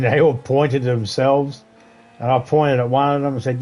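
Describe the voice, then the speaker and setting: A middle-aged man rambles through a story in casual chat as he plays a game. His talk is loose and profane, full of asides and restarts, at an ordinary mid pitch. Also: level tone, moderate pace, a little mellow. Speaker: game streamer. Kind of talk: casual chat while gaming.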